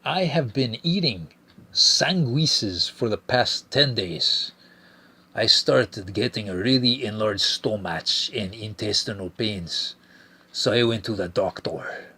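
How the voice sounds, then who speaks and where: Male host doing a crude letter-writer in a silly accent; slow, husky, low. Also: pushed and bright, exaggerated voice.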